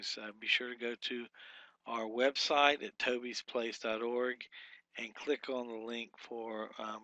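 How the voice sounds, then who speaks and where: Slow, halting man teaching a lesson. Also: medium pitch, pushed and bright, dry recording. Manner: spells out syllables slowly, many fillers. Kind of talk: recorded lesson walkthrough.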